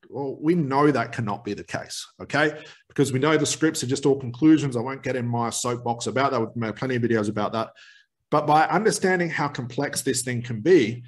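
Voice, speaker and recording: A man who trains hypnotherapists, explaining technique in an energetic teaching video and acting out quick interruptions of a client. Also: mid-range voice.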